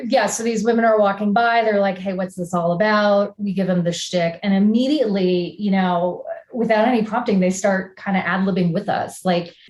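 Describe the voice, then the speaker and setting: A woman artist guest on a podcast, talking through her ideas in a relaxed, reflective way. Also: mid-range voice, normal speed, few pauses. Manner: reflective, talks through ideas with many fillers. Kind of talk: casual podcast conversation. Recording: echoey room.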